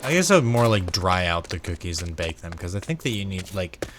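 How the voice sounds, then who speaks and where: Low-ish american guy rambling while he plays, tired, keeps repeating himself, faint background hiss. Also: very animated, brisk. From United States. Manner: meandering, repeats words, chatty asides to viewers. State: sleep-deprived. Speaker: gaming vlogger. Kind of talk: rambling casual gameplay chat.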